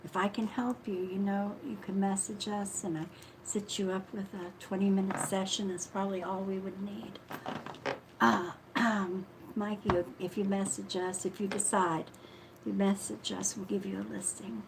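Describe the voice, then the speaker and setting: A woman hosts a live psychic reading stream, speaking in a soft, affectionate tone and calling viewers sweetheart. She often apologizes and trails off mid-thought. The audio is a noisy live-stream recording with a clear hiss underneath. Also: mid-range voice, flat delivery, normal speed. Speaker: psychic reader.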